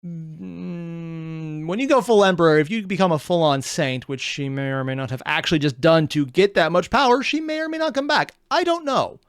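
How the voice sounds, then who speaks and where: A man on a reaction channel gives casual commentary, rambling and thinking aloud as he goes. His slightly high voice swings widely in pitch. The sound is close and dry. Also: lively intonation, moderate pace, clean tone, no room sound.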